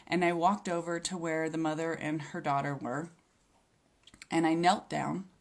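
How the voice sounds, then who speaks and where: A woman's voice: lowish voice, a little mellow. Earnest woman telling a faith story. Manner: earnest and reflective, with occasional hesitations. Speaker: speaker sharing a healing testimony. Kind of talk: personal faith testimony.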